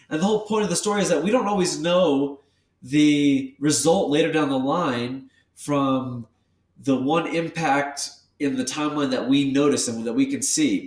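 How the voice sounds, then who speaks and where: A man co-hosting a podcast, telling a story in a rambling, animated way with many restarts, hyped up. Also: medium pitch, distant mic. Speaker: podcast co-host. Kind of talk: casual podcast chat. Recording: echoey room, away from the mic.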